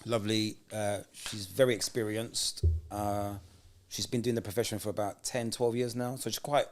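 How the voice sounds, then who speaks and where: A man co-hosting a casual podcast chat, telling animated stories and acting out what people said. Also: fairly low pitch, normal speed, a little hiss or hum. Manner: animated storyteller, acts out quoted voices. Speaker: podcast co-host.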